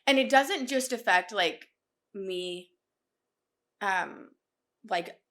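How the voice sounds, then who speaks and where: A young woman talks openly as a podcast guest, her voice gravelly with fry at mid pitch. She speaks with emotion, filling her speech with "like" and restarts. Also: lively intonation, very slow, fairly bright tone. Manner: candid, emotional, many fillers. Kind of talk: casual podcast conversation.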